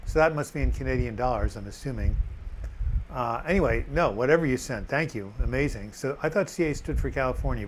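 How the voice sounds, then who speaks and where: A man's voice: mid-range voice, a little hiss or hum, poor audio. An older man hosting a live chat, reading out viewer comments with joking asides.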